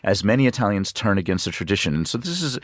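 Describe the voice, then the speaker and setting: Deep-voiced man in studio news chat. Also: sing-song, no room sound. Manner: chatty, halting with fillers and restarts. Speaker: studio guest commentator. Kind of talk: news discussion. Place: radio studio.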